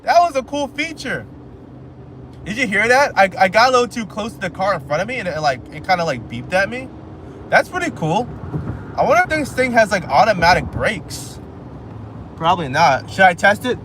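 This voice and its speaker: A man's voice: sits high, big pitch swings, normal speed, pauses often, a bit bright. A man live streaming while he drives, rambling casually and joking at himself. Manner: rambling, self-joking, repeats phrases. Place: inside a car on a highway. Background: faint road and car noise.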